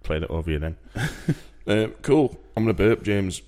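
A young man with a Sheffield accent chats loosely on a podcast, laughing often and circling back over his own words. His voice sits a little low. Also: expressive, moderate pace, darkish tone. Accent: Sheffield English. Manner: chatty, laughs often, repeats himself. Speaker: podcast co-host. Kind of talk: casual chat.

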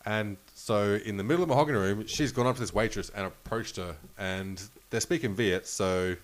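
A lowish-voiced Australian man rambles through a casino story, swearing freely and circling back to fix his phrasing. His delivery is loose and conversational. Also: brisk. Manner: rambling, profane, restarts phrases often. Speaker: podcast host and storyteller. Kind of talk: casual storytelling chat.

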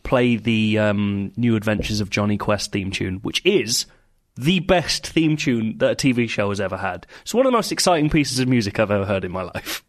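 A man co-hosting a podcast in casual chat, playful and enthusiastic in quick banter. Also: lowish voice, lively intonation. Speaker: podcast co-host.

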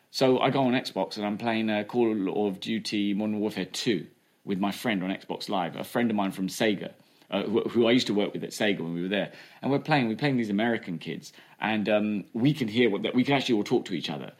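A man, telling a candid story in an interview, talking fast and chatty, with many fillers like "right?" and "you know". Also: on the low side. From England. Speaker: comedian guest.

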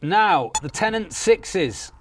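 A man hosting a television quiz in a studio, reading out questions briskly and confirming each answer. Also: high-pitched, lively intonation. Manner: brisk, repeats answers as "tis true". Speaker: quiz show host.

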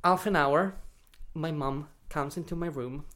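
Italian-accented man, podcast guest, animated storyteller, filler-heavy, wry. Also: a little high, measured pace. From Italy. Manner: animated, many fillers, playful sarcasm. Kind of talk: storytelling in casual interview.

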